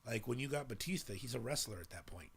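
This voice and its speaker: A man's voice: medium pitch, animated, fast talker, vocal fry, background noise. A man in his thirties hosting a podcast, chatting casually and animatedly, swearing freely and acting out voices as he retells scenes. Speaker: podcast host. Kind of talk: casual chat.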